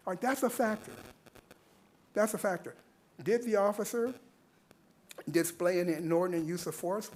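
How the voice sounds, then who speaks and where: With slight background noise behind him, a man with a high, a little mellow voice speaks at a moderate pace, leaving long pauses. He is making an earnest public comment at a civic meeting's podium mic, using rhetorical questions and repeated points.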